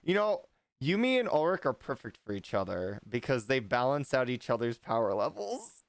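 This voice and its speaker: A man's voice: medium pitch, big pitch swings, moderate pace, gravelly, dry recording. A man hosting a livestream, chatting casually, rambling and restarting his sentences, with an occasional swear. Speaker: livestream host.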